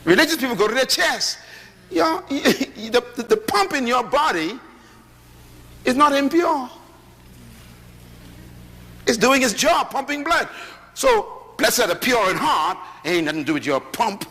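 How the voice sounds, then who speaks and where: Animated preacher man in an echoey hall. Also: extremely high pitch, measured pace, pauses often. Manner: lively preaching with rhetorical questions and humorous storytelling. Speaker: pastor. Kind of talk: sermon. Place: large hall with audience. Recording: echoey hall, faint ambience.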